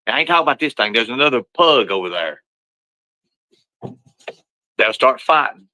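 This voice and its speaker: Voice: medium pitch, sing-song, moderate pace, pushed and bright, rough recording. A livestreamer, talking casually and profanely while scolding pets. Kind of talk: casual live-stream chat.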